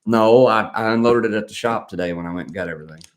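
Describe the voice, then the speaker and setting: Guy running a live stream, low voice, rambly and jokey, calls out viewers. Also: quick pace, slight background noise. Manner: joking, rambling, reads viewer comments aloud. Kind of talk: casual live stream chat.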